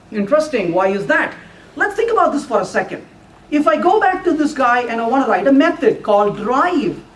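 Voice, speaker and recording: A man giving a technical talk with live coding to a user group, animated and playful, now and then putting on a mock voice for the compiler. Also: very high-pitched. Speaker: conference speaker. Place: lecture room at a user group meeting. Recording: echoey room, voice from far off.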